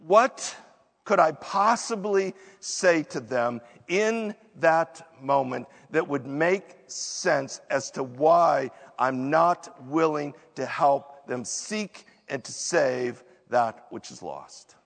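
Man, pastor, sermon, measured delivery, emphatic, reverberant hall. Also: on the high side, lively intonation, a bit bright. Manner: emphatic preaching with quick asides and acted-out excuses.

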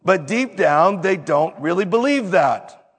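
A man preaching a sermon, teaching slowly and deliberately with strong emphasis on key words. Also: sits high, animated, husky, long reverb tail. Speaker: pastor.

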